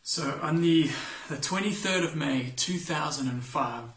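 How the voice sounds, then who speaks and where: A man from England reading scripture and then preaching a sermon, telling a story in a relaxed way with self-deprecating humor. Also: on the high side, a little slow, slight background noise. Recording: echoey room, mic at a distance.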